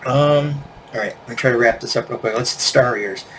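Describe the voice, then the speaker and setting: A man's voice: mid-range voice, a little fast, fairly bright tone, a little hiss or hum. A man in his forties, the host, telling rambling stories about childhood toys and often correcting himself as he goes. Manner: rambling, self-correcting storytelling. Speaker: toy collector host. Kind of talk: casual reminiscing vlog.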